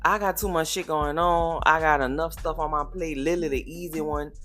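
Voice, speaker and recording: An overwhelmed mother vents in a bright, forceful everyday voice, as a woman puts her on. She sounds exasperated and rushed, with faint music behind her. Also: low-pitched, fairly even intonation. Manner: exasperated complaining.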